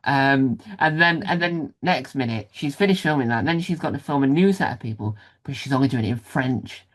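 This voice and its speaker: A man's voice: medium pitch, fairly quick, fairly bright tone. A man hosting a casual interview, rambling and self-deprecating with many restarts. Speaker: podcast host interviewer.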